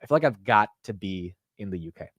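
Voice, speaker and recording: A young man hosting a finance livestream, talking in an excitable, rambling way and calling his viewers bro and dude. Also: fairly low pitch, fast, no room sound, studio quality. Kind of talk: casual live-stream chat.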